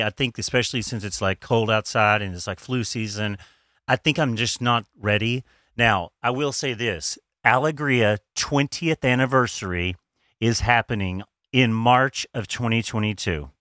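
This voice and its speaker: A man with a bright, forward voice talking in a chatty, gossipy way as a podcast co-host, laughing often. The recording is dry and close. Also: medium pitch, normal speed, dry recording. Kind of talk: casual chat.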